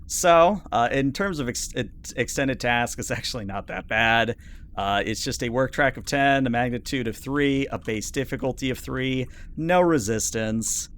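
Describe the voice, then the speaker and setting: A man's voice: medium pitch, normal speed, fairly bright tone, slight background noise. A man narrating as game master of a tabletop game, chatty and full of fillers.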